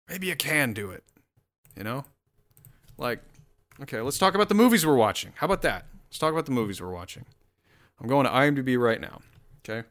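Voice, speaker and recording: A man's voice: mid-range voice, lively intonation, fairly quick, a bit bright. A man hosting his own solo show, rambling and swearing in a casual rant full of restarts. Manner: rambling, profane, self-interrupting.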